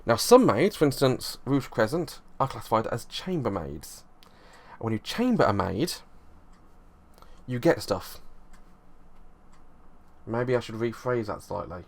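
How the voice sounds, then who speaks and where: A man talks through how a card game works in an easygoing review. His voice sits at a middle pitch, and he explains things loosely, backing up and rephrasing as he goes. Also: big pitch swings, unhurried, long pauses. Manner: loose, rambling explanation with frequent restarts.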